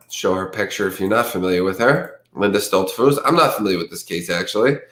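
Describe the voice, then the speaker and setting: A man's voice: on the low side, a bit bright. A man hosting a casual livestream who chats loosely with his audience, reads crime news aloud and stumbles over hard words. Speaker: livestream host. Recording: echoey room.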